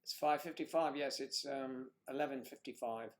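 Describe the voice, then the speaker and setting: A middle-aged man from the United States, his voice mid-range and his pace moderate, co-hosts a casual livestream. He works through the comments, poking fun at viewers by name with bawdy humor.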